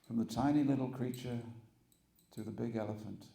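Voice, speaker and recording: A preacher with a gravelly, medium-pitched voice tells stories to his congregation at a moderate pace, bringing the characters to life with animated acting. The temple hall with its audience gives the sound a reverberant quality.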